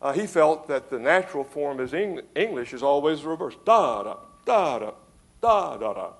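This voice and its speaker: A man giving a conference lecture on poetry, measured and emphatic, reading verse aloud with marked rhythm. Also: on the high side. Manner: measured, emphatic, stresses rhythm and tapping out meter. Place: lecture hall.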